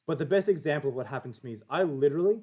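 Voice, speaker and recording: A man's voice: on the high side, animated, racing, mellow. A young Australian man in a casual, profane, jokey chat, telling a story as a livestream guest.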